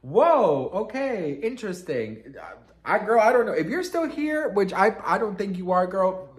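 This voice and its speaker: A man telling a casual gossip storytime on his vlog, sassy and expressive, swearing freely and calling the viewer "girl". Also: high-pitched, normal speed, roomy sound. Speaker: vlogger.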